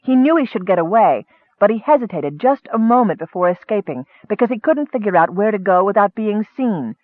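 A man narrating a fantasy story in steady storytelling, lifting his voice for action. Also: high-pitched, no echo. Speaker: audiobook narrator. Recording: dry, tinny phone-like sound.

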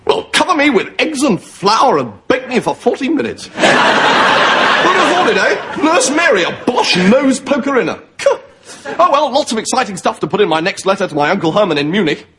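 A chirpy, dim posh lieutenant. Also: male voice, extremely high pitch, big pitch swings, moderate pace, very noisy. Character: cheerful, dim young upper-class lieutenant.

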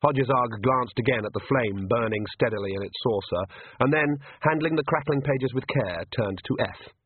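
A man reading a novel aloud as narrator, in measured, even storytelling. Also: medium pitch, breathy edge, no echo. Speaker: audiobook narrator. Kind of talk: scripted narration. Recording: dry, narrow phone-like band.

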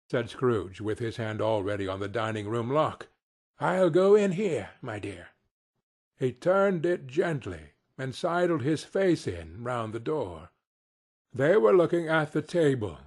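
A man narrating an audiobook in an expressive, unhurried storytelling manner. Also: medium pitch, slightly rough.

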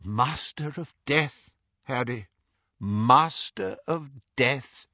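A man voicing Dumbledore, old remorseful wizard, husky and soft. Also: mid-range voice, no echo, lo-fi sound, pitched above the performer's own voice, exaggerated voice. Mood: murmuring. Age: older. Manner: soft, halting, confessional. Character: old male wizard mentor, remorseful and gentle.

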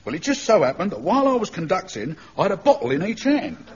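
Glib spiv, slightly high, dull archive sound. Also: male voice, very animated, quick pace, slightly rough, heavily acted. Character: smooth-talking wartime spiv. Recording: dull archive radio recording with audience laughter.

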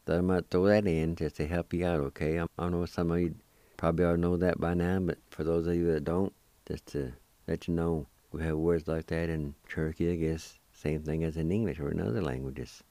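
A man's voice: deep voice, fairly even intonation, a little fast, warm tone, no room sound. A man hosting a radio language lesson, patiently spelling words letter by letter and repeating each pronunciation for learners. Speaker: radio language teacher and host.

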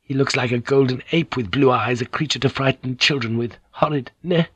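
A man's voice: mid-range voice, fairly quick, a bit bright, slightly rough, dry recording. A man reading an audiobook and voicing a haughty, squeamish young noblewoman of nineteen. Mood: disgusted. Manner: disdainful and scornful.

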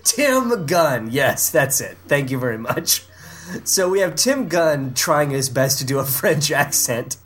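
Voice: mid-range voice, sing-song, unhurried, a bit bright. A podcast co-host in casual chat who riffs playfully on made-up movie plots, laughing often. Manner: playful, rambling, laughs often while riffing.

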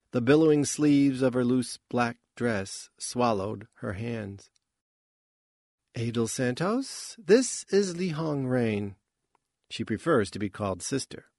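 Slow, measured male audiobook narrator. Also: medium pitch, vocal fry, no echo, studio quality. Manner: measured, even storytelling. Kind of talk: scripted narration.

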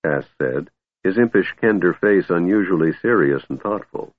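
A man narrating a fantasy audiobook in a measured, expressive way. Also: very deep voice, breathy edge, no room sound. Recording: dry, phone-like narrow band.

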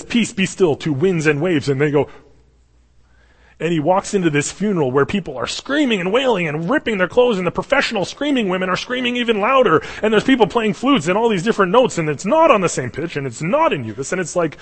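Male pastor, husky tone, animated storyteller, long hall reverb from the sanctuary. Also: medium pitch. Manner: animated storytelling, acts out quoted voices. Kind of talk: sermon. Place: church sanctuary.

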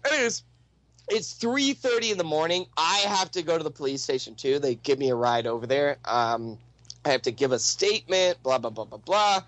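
High-voiced profane man telling a story. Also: fairly quick, no room sound, low-quality recording. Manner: animated, profane, laughs often. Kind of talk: casual storytelling.

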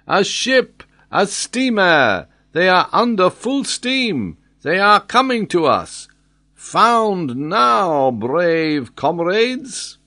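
A man's voice: high-pitched, sing-song, very slow, bright, forceful tone, dry recording, studio quality, pitched above the performer's own voice, heavily acted. A man voicing a learned explorer who speaks emphatically in a storybook reading. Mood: elated. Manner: emphatic, exclaiming. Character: learned man peering through a telescope.

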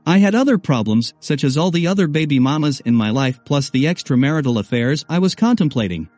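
Guy reading a story out loud, wry and chatty, fairly high pitch, dry close sound. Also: expressive, a little fast, no room sound, soft background music. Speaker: narrator. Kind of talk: first-person audiobook narration.

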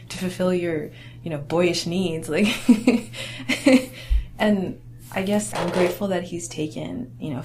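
A young woman telling a personal family story in a casual, halting way, full of "like" and "you know.". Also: low-pitched. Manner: casual, halting, lots of fillers and restarts; laughs wryly through awkward memories. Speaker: interviewee.

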